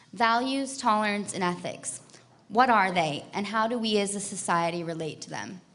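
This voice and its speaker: A woman, an event organizer, giving measured, prepared closing remarks to an audience. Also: medium pitch, fairly bright tone.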